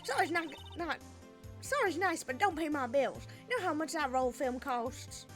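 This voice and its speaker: A woman voicing a brash young southern woman photographer in a put-on American Southern drawl, loud and scolding. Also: high voice, lively intonation, normal speed, faint music behind, pitched above the performer's own voice. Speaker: video game character.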